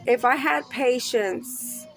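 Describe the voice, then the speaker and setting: A woman talking candidly to camera in a rambling, profane way, swinging from mumbles to loud outbursts. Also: high-pitched, slow, soft background music. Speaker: vlogger.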